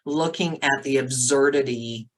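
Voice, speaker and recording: A middle-aged woman, a sobriety coach, telling her story as a podcast guest in a lively way, acting out the voices of others and filling her talk with "like". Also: rumbling low, a little slow, rough recording. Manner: animated, acts out quotes, many "like" fillers. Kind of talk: casual storytelling interview.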